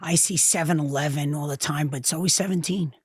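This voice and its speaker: Husky-voiced woman, halting chat, dry close sound. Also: sits low, no room sound. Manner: halting, many fillers and restarts. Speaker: podcast guest, fitness trainer. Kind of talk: casual interview chat.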